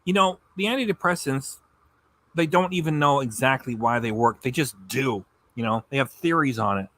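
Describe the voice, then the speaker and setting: A man's voice: medium pitch, normal speed, bright, forceful tone. A man giving mocking, profane reaction commentary on a video he is watching. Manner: scornful, profane.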